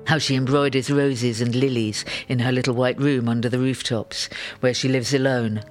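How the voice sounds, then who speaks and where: A man's voice: mid-range voice, moderate pace, faint music behind. Man reading a wry memoir. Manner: wry, animated storytelling. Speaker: narrator.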